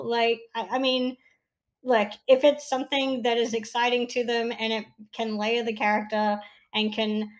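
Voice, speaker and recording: A woman co-hosting a podcast, chatting casually in a frank, questioning way. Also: on the high side. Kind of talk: casual discussion.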